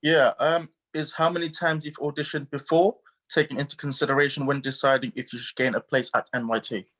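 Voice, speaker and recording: A man's voice: fairly high pitch, little pitch movement, fairly quick, fairly bright tone. A man taking part in an online acting workshop, speaking hesitantly with repeated words. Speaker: workshop participant. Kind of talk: asking questions in an online workshop.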